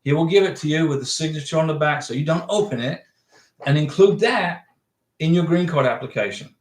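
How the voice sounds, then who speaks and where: A fairly high-voiced man hosts a relaxed livestream, reading out viewer messages and answering them plainly and directly. His voice carries a roomy echo, as if he were talking in an ordinary room at home. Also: brisk. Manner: folksy, reads viewer chats aloud and answers directly. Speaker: livestream host giving visa advice. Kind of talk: casual livestream chat.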